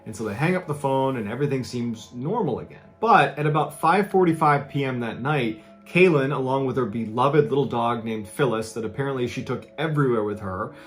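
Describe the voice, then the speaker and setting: A man with a mid-range voice tells a true story with dramatic emphasis. He slows down to build tension and lifts his voice to act out what people said. His delivery is steady and practiced. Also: faint music behind. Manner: emphatic narration, acts out quoted speech with raised pitch. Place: played from an original video inside a reaction video.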